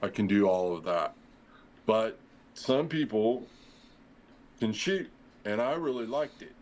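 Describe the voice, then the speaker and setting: A man's voice: fairly low pitch, lively intonation, takes it slowly, a little mellow, low-quality recording. Rambling middle-aged man telling a story. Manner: rambling, acts out quoted dialogue, many fillers. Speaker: podcast guest, former firefighter. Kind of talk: casual storytelling interview.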